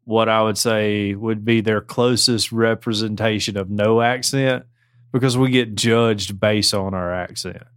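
Southern man, podcast co-host, low and dry, joking and folksy. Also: steady tone, a little slow, a bit bright, smooth, no room sound. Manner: joking, folksy advice-giving. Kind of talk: casual chat.

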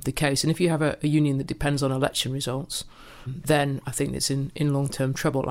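A man giving careful, qualified analysis as a podcast panelist. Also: mid-range voice. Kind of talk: analytical discussion.

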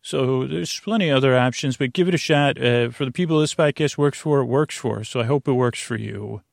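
A man hosting a sleep podcast, talking in creaky, soothing tones with rambling, filler-heavy bedtime talk. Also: mid-range voice, a little fast, no room sound, clean studio sound. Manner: rambling, full of fillers and tangents.

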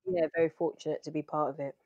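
A woman actor chatting in an interview, telling lively stories and acting out what she said back then. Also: sits low, rapid-fire, muffled recording, a crowd in the background. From half Trinidadian. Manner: animated storytelling, acts out her own past lines. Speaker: actor guest. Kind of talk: casual interview chat.

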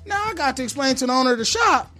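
A barber telling a story in casual chat, animated, acting out the people in it, slangy and profane. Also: male voice, very high voice, very fast, soft background music. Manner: animated, acts out voices in his story; slangy, profane street talk.

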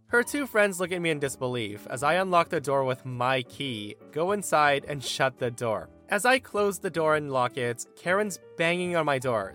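A young man narrates a forum story in a lively, expressive way. His voice sits a bit high and swings widely as he plays the different people. Soft music runs under him. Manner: lively, acts out quoted lines with raised pitch. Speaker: narrator reading a Reddit story.

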